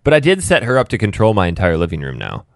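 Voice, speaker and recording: A man on a casual podcast with a low, gravelly voice. He jokes dryly and swings his pitch widely. The sound is close and dry. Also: wildly swooping pitch, quick pace, dry recording. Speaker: podcast co-host. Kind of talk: casual chat over a call.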